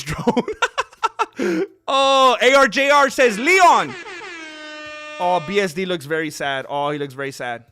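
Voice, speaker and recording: A man hosting a live stream, rambling casually to viewers and calling the fight with excitable outbursts. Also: extremely high pitch. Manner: rambling, talkative, addresses viewers as bro; excitable, loud bursts when reacting.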